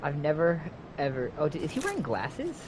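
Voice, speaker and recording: A young man giving casual gameplay commentary, excitable and swearing freely as he thinks out loud. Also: a little high, a little fast, background noise. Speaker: game streamer. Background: game music.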